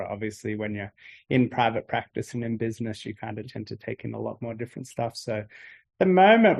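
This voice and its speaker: An Australian man talks through his work in a relaxed, unhurried way. He leans on casual fillers as he explains, and his voice sits at an ordinary middle pitch for a man. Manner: easygoing, explains with fillers like "kind of". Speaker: exercise physiologist guest. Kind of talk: relaxed conversational interview.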